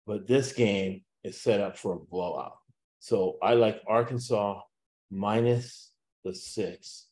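A man hosting a sports betting podcast, talking casually and loosely, with lots of "uh" fillers and quick laughs. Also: lowish voice, darkish tone. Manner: rambling, frequent "uh" fillers, laughs at own jokes. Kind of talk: casual chat with picks.

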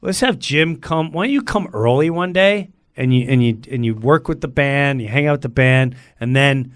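Man putting on an easygoing rock star, slightly raised pitch, measured. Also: natural voice. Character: relaxed famous male rock pianist.

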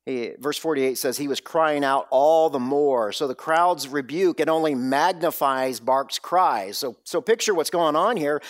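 A man preaching at a slow, deliberate pace, his voice sitting a little high for a man. He swings from hushed whispers to sharp rises for emphasis. The sound is dry and close, with no room echo. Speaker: pastor. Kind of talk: sermon.

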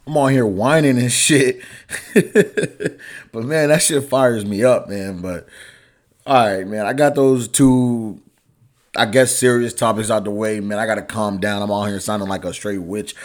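A man's voice: fairly low pitch, unhurried. A young man hosting his own podcast, talking in a casual, profane, heated way, his voice climbing when he gets angry. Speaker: podcast host. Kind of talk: casual solo podcast rant.

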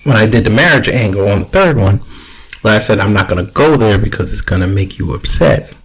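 A man's voice: on the low side, lively intonation, a little fast, fairly bright tone, husky, rough recording. A man hosting a casual debate, arguing his point with frequent restarts. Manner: argumentative, restarts often.

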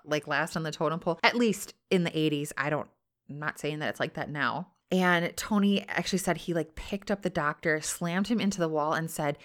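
A woman's voice: deep voice, brisk. A woman on a podcast retelling a true story in casual chat, full of "like" fillers and acted-out quotes. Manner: chatty, many "like" fillers, acts out quotes. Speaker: podcast host.

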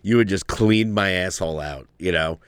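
A man's voice: sits low, moderate pace, clean tone, no echo, studio quality. A man co-hosting a podcast, joking crudely and laughing often in casual banter. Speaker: podcast co-host.

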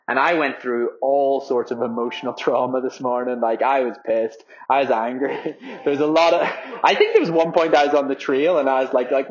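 A young man from Ireland rambles through a casual spoken update, peppering it with fillers and swearing freely. His voice sits at an ordinary middle pitch, and the recording is a little dull and lo-fi. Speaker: marathon runner vlogger.

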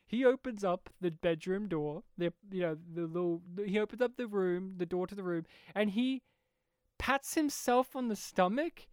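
A woman in casual conversation as a podcast co-host, lively and quick to laugh. She retells scenes with animation, slipping into little impressions. Her voice sits at a middle pitch and sounds close and dry. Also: no room sound. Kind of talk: casual film discussion.

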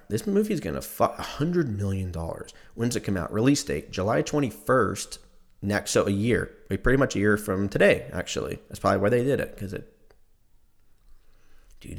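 A young man telling a rambling, profane story in a casual monologue, laughing often as he goes. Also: lowish voice.

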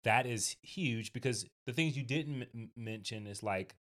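A man co-hosting a podcast, talking in halting casual chat with many restarts. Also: mid-range voice, fairly bright tone. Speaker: podcast co-host.

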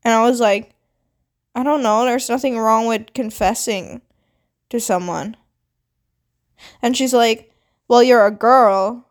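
A young adult woman vlogger telling a personal story in a casual, animated way, swearing often and full of "like" fillers. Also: fairly high pitch, a little slow, pauses often. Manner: animated, dramatic retelling with quoted voices. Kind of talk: storytime monologue.

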